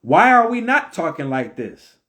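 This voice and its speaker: Man, preachy and repetitive, fairly high-pitched, impassioned monologue. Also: sing-song, measured pace, a bit bright. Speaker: religious commentator.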